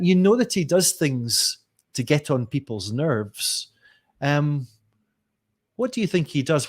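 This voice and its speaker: Middle-aged male teacher trainer, lively, full of questions, live online lesson read. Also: medium pitch, slightly rough. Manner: lively, questioning, addresses viewers by name.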